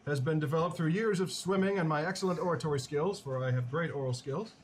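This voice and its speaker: A man's voice: on the high side, fast talker, background noise. A man playing a tabletop role-playing game, speaking in a pompous, oratorical way. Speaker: player.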